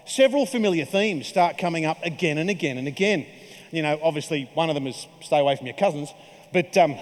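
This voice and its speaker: Jokey man giving a keynote. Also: sits high. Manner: jokey, conversational storytelling. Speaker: keynote speaker. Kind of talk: keynote speech. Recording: reverberant hall.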